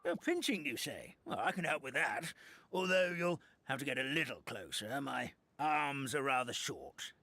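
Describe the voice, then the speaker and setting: An actor voicing a chubby old paper hamster elder in a video game, with a posh, old-fashioned, polite manner. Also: male voice, medium pitch, expressive, normal speed, pushed and bright, no room sound. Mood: helpful.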